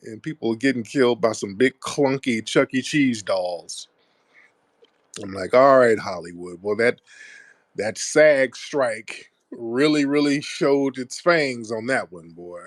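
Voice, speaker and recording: A man's voice: mid-range voice, takes it slowly, no room sound. A man hosting a call-in talk show, laughing and cursing as he mocks what he talks about. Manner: laughing, profane, mocking. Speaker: show host.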